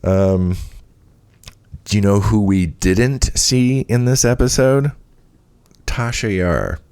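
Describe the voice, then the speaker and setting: A man's voice: lowish voice, slow pace, darkish tone, clean tone. A man hosting a podcast in casual chat, rambling with frequent fillers and laughs. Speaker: podcast host.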